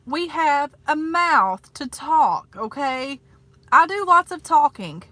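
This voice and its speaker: A chatty woman in her thirties with a Southern US accent, talking to her viewers from inside a parked car. Her voice is bright and a touch high, folksy and full of "honey" and "like". The talk is loose and casual. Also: big pitch swings, slow pace, dry recording. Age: 30s. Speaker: vlogger. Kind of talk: casual eat-with-me vlog chat.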